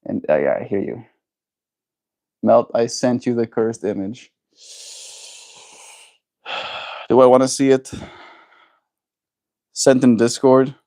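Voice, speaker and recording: A man's voice: mid-range voice, takes it slowly, pauses often, a little mellow. A man livestreaming, musing in loose casual chat and answering his viewers' messages.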